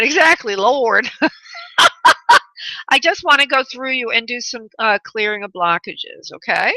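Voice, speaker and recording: A woman's voice: fairly high pitch, expressive, a little slow, bright, forceful tone, no room sound, rough recording. A woman hosting a call-in radio show as a spirit medium, chatty and affectionate, laughing often.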